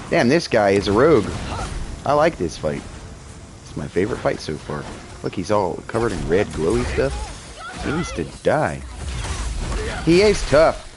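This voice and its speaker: A man in his thirties, chatty and excitable, talking to a game character in-character as he plays and sometimes yelling in bursts. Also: fairly low pitch, moderate pace, pauses often, background noise. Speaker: gaming streamer roleplaying his character. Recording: music playing behind.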